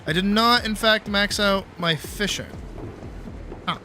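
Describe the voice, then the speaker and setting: A man with a rather high, bright and forceful voice rambles playfully through a gaming livestream. He swears casually and chats with viewers as he plays. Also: unhurried, slight background noise. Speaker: streamer.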